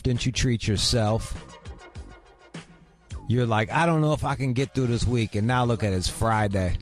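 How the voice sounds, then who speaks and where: A man's voice: on the low side, a little mellow. A man hosting a radio show, talking in a crude, brash, rambling way. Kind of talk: casual uncensored radio chat. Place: radio studio.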